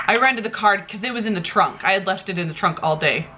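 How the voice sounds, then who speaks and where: A woman's voice: mid-range voice, quick pace, sharp tone, a little hiss or hum. A young woman casually commenting on her own video, explaining what happened in a conversational way.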